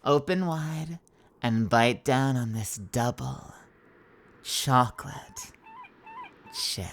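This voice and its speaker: A woman doing a whispered role-play as a teasing, sweet-talking woman who feeds the listener cookies, speaking softly and slowly. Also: very deep voice, vocal fry, exaggerated voice. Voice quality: soft, hushed.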